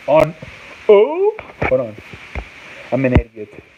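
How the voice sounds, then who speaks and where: A man's voice: medium pitch, lively intonation, moderate pace. A man hosting a sports talk show in casual live-stream chat, rambling and swearing and sounding words out over and over. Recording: tinny phone-like sound with faint noise.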